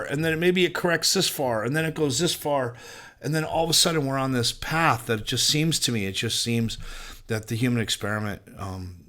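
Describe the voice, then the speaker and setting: A male podcast host with a bright, forceful voice tells a casual story. He rambles and swears freely, and his delivery stays lively and unscripted. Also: mid-range voice. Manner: profane, rambling, animated storyteller.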